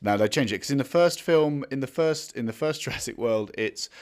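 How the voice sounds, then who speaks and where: Animated, argumentative man. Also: mid-range voice, fairly quick. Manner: animated, argumentative, swears, mocking quotes. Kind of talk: casual film debate.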